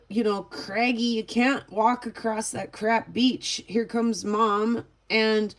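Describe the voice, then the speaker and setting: A woman vlogger telling a story casually, rambling and chatty with lots of filler words. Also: fairly high pitch. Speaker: vlogger and rockhound.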